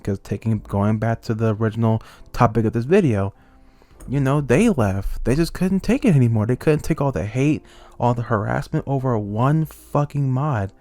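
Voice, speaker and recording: A man's voice: mid-range voice, dry recording. Young man ranting heatedly at close range. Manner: heated, swinging between angry outbursts and calm. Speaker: YouTuber. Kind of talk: ranting commentary.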